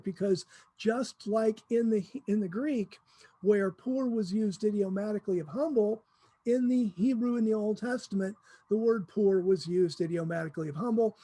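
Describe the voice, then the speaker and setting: A relaxed, dark-toned voice with a husky edge, recorded close and dry. A Bible teacher explaining scripture casually, acting out what people say with a touch of humor. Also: medium pitch, normal speed, dry recording. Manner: informal, acts out quoted speakers with humor.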